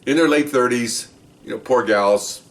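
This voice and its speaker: An older man, a retired undercover police officer, telling stories from his past cases in a casual, animated way and acting out the dialogue. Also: medium pitch, moderate pace. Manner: animated, acts out the dialogue in raised voices. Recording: voice distant from the mic.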